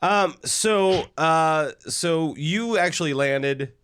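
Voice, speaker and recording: A man's voice: on the high side, takes it slowly, a bit bright, smooth, no room sound. A man co-hosting a podcast, making teasing, dry comments in casual chat. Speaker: podcast co-host.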